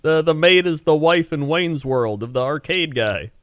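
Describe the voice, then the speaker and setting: Lively teasing man on a podcast. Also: fairly high pitch, normal speed, dry recording, clean studio sound. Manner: teasing, laughs often. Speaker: podcast co-host. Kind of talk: casual chat.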